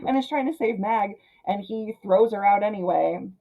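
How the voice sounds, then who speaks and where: A woman reviewing a film in a chatty, animated way, full of fillers like "um" and "like.". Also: mid-range voice, normal speed, highs cut off.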